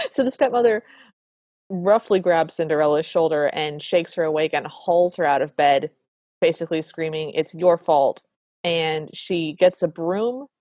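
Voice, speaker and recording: A woman's voice: on the low side, a little mellow, no echo, studio quality. A woman co-hosting a podcast, narrating film scenes in detail in a chatty, casual way. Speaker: podcast co-host. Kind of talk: casual recap chat.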